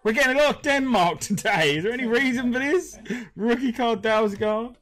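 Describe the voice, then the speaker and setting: A man's voice: very high voice, brisk, a bit bright, poor audio. A British man hosting a live stream, chatting casually, reading names aloud and chuckling often. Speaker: host.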